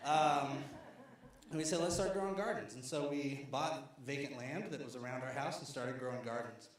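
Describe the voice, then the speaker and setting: A man's voice: mid-range voice, steady tone, moderate pace. A man from Arkansas giving a conversational storytelling talk at a lecture series, with fillers and restarts. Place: large lecture hall. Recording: very echoey hall.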